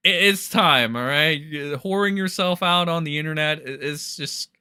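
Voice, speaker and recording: A man's voice: fairly high pitch, normal speed, sharp tone, smooth, no echo, clean studio sound. A man hosting a livestream, mocking and ranting with constant swearing and lots of "like" and "all right". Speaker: livestream commentary host. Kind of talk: profane reaction commentary.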